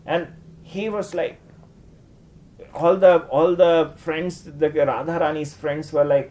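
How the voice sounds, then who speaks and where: A man's voice: on the high side, fairly even intonation, slow, a little mellow. A man giving a devotional lecture, telling a story and acting out the characters' lines, with frequent "you know" and "huh?" tags. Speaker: spiritual teacher.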